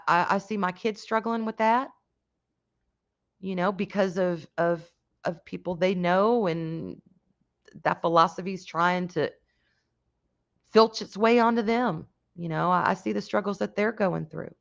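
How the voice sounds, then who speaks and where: A woman hosting a casual livestream, talking frankly with some swearing and greeting chat viewers with loud excitement. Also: mid-range voice, a little slow, gravelly, pauses often. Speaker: livestream host chatting with viewers. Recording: dull lo-fi stream audio.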